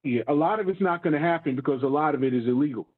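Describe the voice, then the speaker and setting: Husky man on a tinny phone line. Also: on the high side. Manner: measured, keeps saying "hold on", factual. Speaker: call-in participant. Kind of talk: call-in argument.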